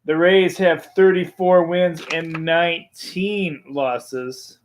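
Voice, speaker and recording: Brief: male sports show host, slow and relaxed, slightly high voice, filler-heavy casual delivery. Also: slight background noise. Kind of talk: live-streamed sports picks show.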